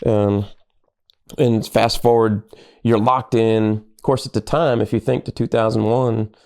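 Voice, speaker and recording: With a lowish voice and a measured pace, a middle-aged pastor guests on a podcast. He relates animated stories in casual chat, playing out the lines of people he quotes.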